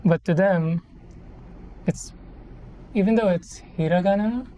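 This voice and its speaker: A person in their thirties from the Philippines speaks at a measured pace in a dark-toned, medium-pitched voice. Building a model kit on a live stream, they chat casually in a rambling, self-correcting way.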